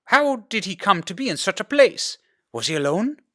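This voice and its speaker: A man putting on a shrill scolding mother. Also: sing-song, normal speed, full character voice. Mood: alarmed. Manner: loud, high and scolding. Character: scolding mother, sharp and frustrated. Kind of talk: storybook reading.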